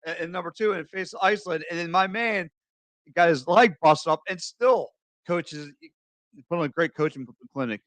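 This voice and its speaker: A man co-hosting a casual sports podcast, talking in a halting way with restarts. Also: fairly high pitch, a bit bright, no echo. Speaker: podcast co-host.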